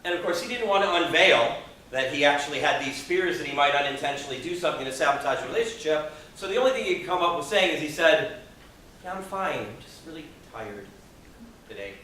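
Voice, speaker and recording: Bright-voiced man giving an echoey speech. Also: on the high side, fast talker, a little hiss or hum. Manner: expressive, acts out quoted people, audience questions. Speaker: Toastmasters speaker. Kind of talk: motivational speech to a live audience. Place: meeting room with audience. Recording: echoey room from far off.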